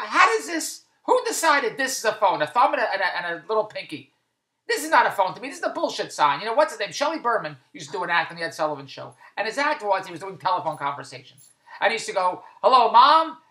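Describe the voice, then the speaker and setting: A woman's voice: mid-range voice, sing-song, fast talker, a bit bright. A woman in an exasperated comedic rant, stammering restarts and asking the same questions over and over. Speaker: comedic monologuist. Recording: echoey room.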